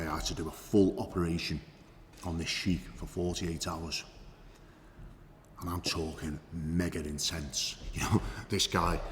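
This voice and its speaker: An actor playing a boastful, crude hitman who tells his story with swagger, profanity and drawn-out emphasis, in an acting class monologue. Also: rumbling low, in a large hall, noisy background. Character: boastful crude male hitman telling war stories.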